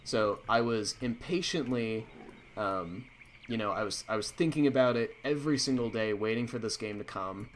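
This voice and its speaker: A man's voice: lowish voice, moderate pace, a little hiss or hum. A man hosting a stream, telling a story in a casual, rambling way with many fillers and restarts. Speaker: stream host.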